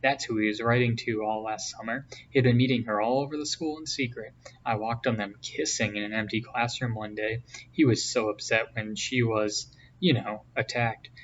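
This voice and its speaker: A man reading aloud, voicing a shy young schoolgirl who confides softly and anxiously. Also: medium pitch, steady tone, normal speed, lightly acted. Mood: confiding. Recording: distant, dull, faint hiss.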